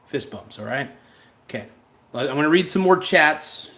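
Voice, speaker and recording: A man's voice: a little high, animated, normal speed, fairly bright tone, slight background noise. A man hosting a livestream, talking in a casual, rambling and blunt way and answering viewer chats. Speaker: livestream host.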